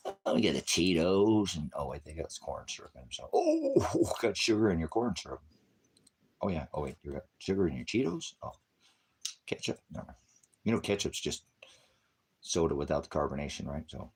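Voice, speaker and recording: A man with a deep, husky voice delivers a profane religious rant. He talks in a combative, rambling way, swerving between shouts and mutters. His pitch swings widely as he goes. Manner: rambling, combative, swears heavily; sudden shouted bursts, drops to mutters. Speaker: independent ministry preacher.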